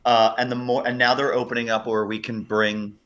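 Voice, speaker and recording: A male comedian guest telling stories in an energetic, casual chat. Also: medium pitch, a little fast, highs cut off. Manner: energetic anecdote telling, frequent restarts.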